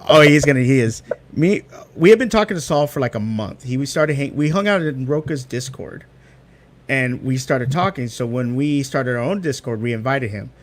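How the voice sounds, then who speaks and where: A man in a casual video call chat, telling a story with lively acted-out quotes. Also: mid-range voice, normal speed. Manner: animated storyteller, acts out quotes.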